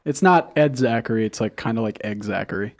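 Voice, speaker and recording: A man's voice: mid-range voice, expressive, a little fast. A man co-hosting a podcast, playful, working puns and stoner slang in casual chat. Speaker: podcast co-host. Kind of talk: casual chat among friends.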